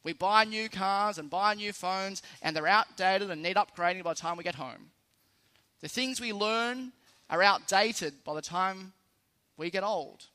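A man's voice: high-pitched, measured pace, pushed and bright. A man with an Australian accent preaching a sermon in a conversational, lightly humorous way, stressing key phrases.

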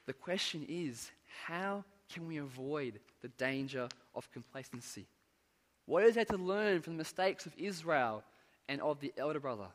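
A man preaching a sermon, earnest and measured, pressing words for emphasis and letting phrase endings fall away. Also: fairly high pitch, lively intonation. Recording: long hall reverb.

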